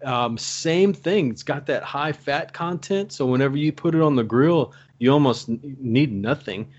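A man in casual chat, telling stories in an animated way and laughing often. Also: medium pitch, moderate pace, muffled recording.

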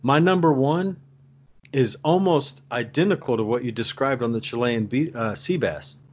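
A man in casual chat, telling stories in an animated way and laughing often. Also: mid-range voice, moderate pace, highs cut off.

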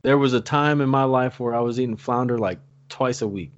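A man from Louisiana chatting casually on a fishing podcast in a relaxed, laid-back way. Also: mid-range voice, brisk, muffled recording.

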